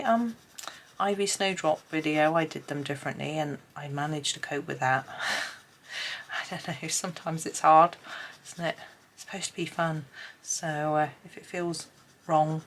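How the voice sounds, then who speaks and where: A hoarse woman with a chatty, rambling manner talks casually while colouring, often dropping to a near whisper. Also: sits low. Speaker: colouring channel host.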